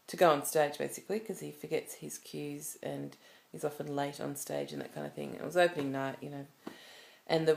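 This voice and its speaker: A woman's voice: low-pitched, gravelly, a little mellow. A woman talking to camera in a personal vlog, telling a story in a rambling, emotional way with many restarts. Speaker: vlogger.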